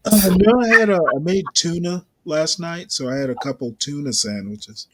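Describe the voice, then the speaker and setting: A man's voice: fairly high pitch, normal speed, fairly bright tone, no echo. A man from Georgia in casual chat, joking in a dry, teasing way. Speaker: chat partner.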